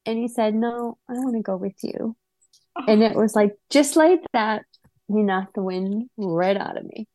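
A woman in her forties from Wisconsin tells a personal story to an audience, animated and acting out the lines of herself and others. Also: mid-range voice, no room sound. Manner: animated, acts out her own and others' lines in quick bursts.

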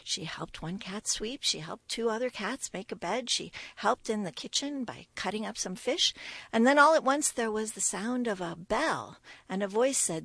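A woman telling a folktale aloud as a storyteller, expressive, dropping to a whisper now and then. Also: mid-range voice, normal speed, vocal fry, slightly rough, no echo. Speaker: storyteller guest.

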